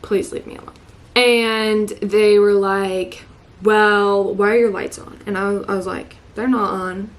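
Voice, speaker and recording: A woman's voice: mid-range voice, fairly even intonation, slow. A young woman vlogger telling an emotional story in casual chat, tearful and saying "like" constantly. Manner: emotional, heavy use of "like", breaks into laughs.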